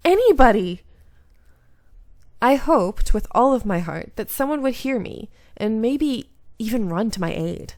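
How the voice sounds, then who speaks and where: A woman's voice: medium pitch, no room sound, studio quality. Woman reading a visual novel aloud. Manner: narrates in first person, breaks off to comment. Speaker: gaming YouTuber.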